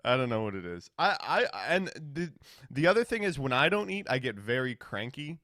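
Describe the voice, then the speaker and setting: A man streaming and casually chatting, answering viewer questions in a sardonic, profane, animated way. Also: medium pitch, normal speed, dry recording, clean studio sound.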